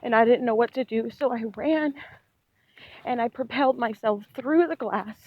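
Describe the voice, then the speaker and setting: A woman vlogger recounting a dream as she walks outside, telling it in a rambling, animated way with lots of "like". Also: a little high, moderate pace. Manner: rambling, animated storytelling full of "like". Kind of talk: walk-and-talk dream retelling. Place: outdoors on a street while walking. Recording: dull lo-fi recording.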